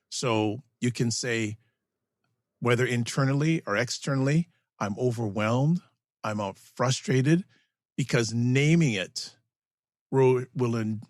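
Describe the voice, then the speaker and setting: A man with a mid-pitched voice co-hosts a casual fatherhood talk. He speaks in an affirming tone and sometimes clips his words and restarts them. The recording is dry and close. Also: dry recording. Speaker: podcast co-host. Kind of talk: casual parenting advice chat.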